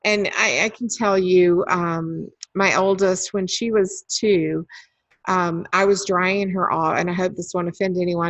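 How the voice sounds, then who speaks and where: A woman giving a webinar in a chatty, story-telling way, often pausing on "um". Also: lowish voice, fairly bright tone, dry recording. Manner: chatty and anecdotal, with frequent ums. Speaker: webinar presenter. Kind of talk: conversational webinar talk.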